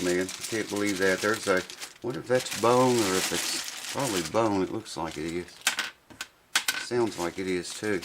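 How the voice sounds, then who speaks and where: A man's voice: on the low side, unhurried, pauses often, background noise. Folksy man rambling in his workshop. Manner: rambling, folksy, thinks aloud with restarts. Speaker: guitar repair vlogger. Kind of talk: casual unboxing chat.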